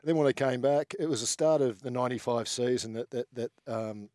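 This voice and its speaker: A man, a former rugby league player, talking haltingly in a radio interview and laughing at his own words. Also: medium pitch, a little mellow, dry recording. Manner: halting, self-correcting, laughing at himself.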